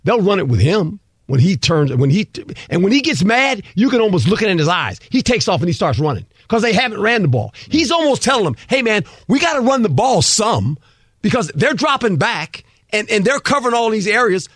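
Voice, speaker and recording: Older male ex-coach guest, lively storyteller, high bright voice, dry studio sound. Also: brisk, dry recording. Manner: animated storyteller, lively, repeats words. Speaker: former coach, guest analyst. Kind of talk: casual sports talk.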